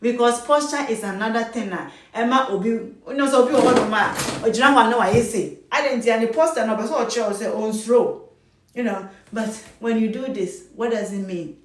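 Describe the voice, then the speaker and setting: A woman's voice: a little high, a little fast, hardly any pauses, a little hiss or hum. A woman, a charge nurse, giving firm, emphatic advice in casual talk and mixing English with Twi. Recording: echoey room, voice from a distance.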